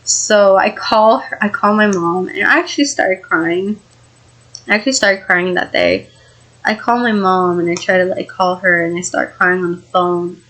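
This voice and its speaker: A young adult woman vlogs a frightening true tale in a casual, wandering style, filling it with ums and the odd swear word while sounding shaken and emotional. Her voice is lowish and fairly bright at a moderate pace, captured on poor audio.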